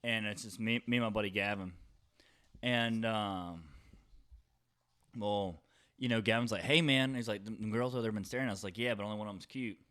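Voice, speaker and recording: A man's voice: on the low side, steady tone, fairly quick, long pauses, a bit bright. A man, casually telling a long story on a podcast and filling his talk with "you know" and "whatever.". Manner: rambling, heavy fillers like "you know" and "whatever".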